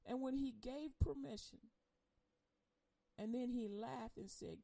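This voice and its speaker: A woman giving an impassioned personal testimony on air. She speaks emotionally and bluntly, swinging between loud outbursts and hushed confession. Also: on the high side, slow pace, creaky, pauses often, no echo, rough recording. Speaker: churchgoer sharing a personal testimony.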